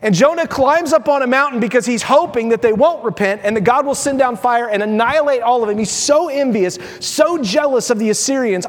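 A man preaching a sermon as pastor, telling the story with lively mock voices. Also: very high-pitched, moderate pace. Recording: long reverb of a large hall.

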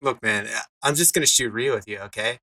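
A blunt, resentful veteran wrestler played by a man in a tabletop game. His voice is bright and he lays out his grudges plainly, in a mid-pitched tone. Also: fast talker, no echo. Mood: hostile. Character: surly veteran male pro wrestler.

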